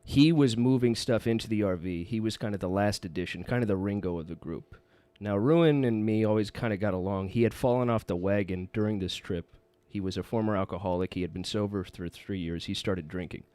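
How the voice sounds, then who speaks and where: Guest spot: low-voiced man, rambling anecdote, dry close room. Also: brisk, hardly any pauses, dark tone, no room sound. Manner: rambling storytelling. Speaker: podcast guest. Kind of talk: casual chat.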